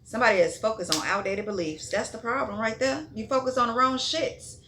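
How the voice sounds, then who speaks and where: A woman's voice: fairly high pitch, brisk, noisy background. A woman giving a casual tarot reading in a blunt, profane way, repeating herself and checking in with "okay?". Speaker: tarot reader.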